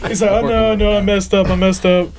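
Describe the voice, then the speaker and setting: A man's voice: high voice, fairly even intonation, normal speed. A man co-hosting a casual chat, swearing freely and breaking into laughter as he spins a story. He acts out what people said along the way. Other people murmur and chatter in the background. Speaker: podcast co-host.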